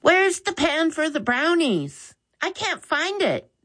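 A woman reads aloud in a full character voice, pitched above her own, to play a polite young boy asking earnest questions. The voice is high and a bit bright, with big pitch swings, and she takes it slowly.

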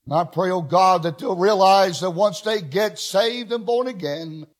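A male pastor preaching live in church, his voice sitting a bit high. He builds from measured teaching to loud exclamations and keeps asking for amens from the congregation. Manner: preachy, rising to exclamations, calls of amen. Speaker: pastor and radio host. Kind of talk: live sermon.

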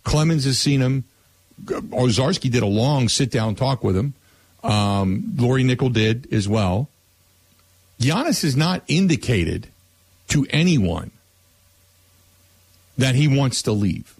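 Husky-voiced male sports radio host. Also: medium pitch, big pitch swings, slow, long pauses, a little mellow, dry recording. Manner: conversational, repeats words when starting sentences.

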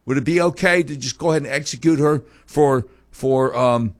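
A man's voice: mid-range voice, normal speed. A man hosting a talk show, delivering a heated, sarcastic opinion monologue full of mocking rhetorical questions.

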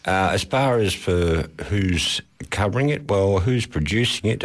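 A man's voice: low-pitched, animated, measured pace. A man with an Australian accent co-hosting a radio show, joking in laid-back banter. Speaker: radio co-host. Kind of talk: casual chat.

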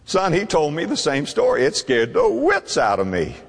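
A male preacher playing a gentle father who chuckles softly and speaks in a hushed, low voice to his son. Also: wildly swooping pitch, moderate pace, in a large hall, full character voice. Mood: confiding.

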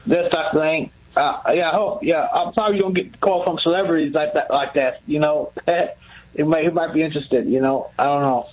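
A man calling in to a radio show, speaking haltingly and repeating his words. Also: a little high, fairly even intonation, a little mellow, highs cut off. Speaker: caller. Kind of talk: call-in radio talk.

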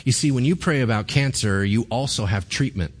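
A preacher doing God, calm and matter-of-fact. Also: male voice, mid-range voice, a little fast, close to an everyday voice. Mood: assured. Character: God, calm and assured almighty male deity. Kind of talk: sermon storytelling.

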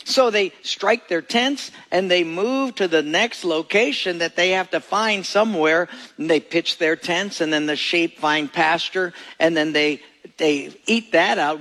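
A man's voice: on the high side, fairly bright tone. A male pastor preaching a sermon in a folksy, joking storytelling manner. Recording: echoey church hall.

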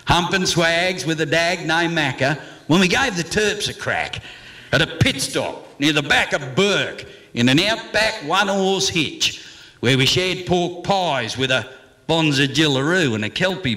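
A man's voice: a little high, sharp tone. A man with an Australian accent reciting comic slang verse in a rollicking, theatrical way.

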